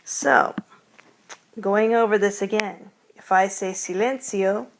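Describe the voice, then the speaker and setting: Lady going over spanish class commands, slow and patient, says everything twice. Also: mid-range voice, steady tone, slight background noise. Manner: patient, repeats each command with its translation. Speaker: Spanish teacher. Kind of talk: classroom language lesson.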